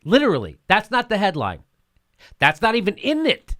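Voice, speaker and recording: High-voiced man ranting sarcastically. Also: huge pitch swings, normal speed, a bit bright. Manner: indignant, sarcastic, profane, repeats himself. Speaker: host. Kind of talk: heated political commentary.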